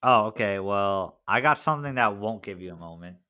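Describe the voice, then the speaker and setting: A man's voice: on the low side, lively intonation, a little fast, bright, forceful tone. A man co-hosting a casual podcast, telling a story in a chatty way, full of "like" and "right?". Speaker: podcast co-host.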